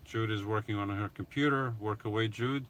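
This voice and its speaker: A man's voice: fairly low pitch, normal speed, a bit bright, slight background noise. A middle-aged man streaming live from his van on a phone, casually chatting and reading out viewer comments as he answers them. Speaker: vlogger hosting a live Q&A. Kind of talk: casual livestream chat.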